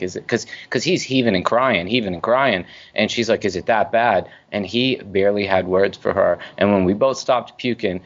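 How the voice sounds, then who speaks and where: A man guest on a podcast, telling stories in a casual, animated way, swearing freely and acting out the voices of people he quotes. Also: lowish voice. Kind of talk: casual storytelling interview. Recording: dull lo-fi audio.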